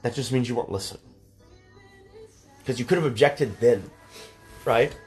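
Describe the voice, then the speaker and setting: A man's voice: medium pitch, moderate pace, a little mellow, soft background music. A man in his thirties arguing heatedly on a livestream, lecturing and exasperated, swearing often. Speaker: streamer.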